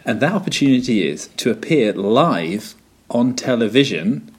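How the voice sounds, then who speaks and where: A man's voice: medium pitch, sing-song, normal speed, husky. A man co-hosting a podcast in casual, playful chat, laughing often. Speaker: podcast co-host.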